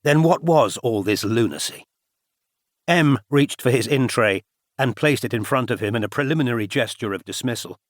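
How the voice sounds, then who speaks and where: A man narrating a spy novel audiobook in a measured, even storytelling manner. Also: mid-range voice, dry recording. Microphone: close studio mic. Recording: dry close studio recording.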